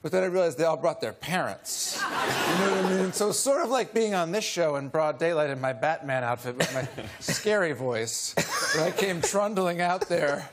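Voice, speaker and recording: A man's voice: fairly high pitch, animated, normal speed. A man, a guest on a chat show, telling an amused story and laughing often. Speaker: guest actor. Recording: noisy studio with audience.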